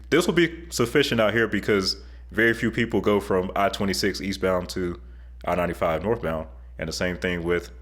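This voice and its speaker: A man's voice: sits low, a bit bright. Chatty, upbeat man commenting on clips. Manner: chatty, enthusiastic, joking. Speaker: YouTube host. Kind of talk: commentary over video clips.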